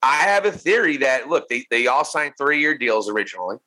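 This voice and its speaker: A man co-hosting a casual wrestling podcast, animated and laughing, tossing in quick impressions of people. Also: mid-range voice, rough recording. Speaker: podcast co-host.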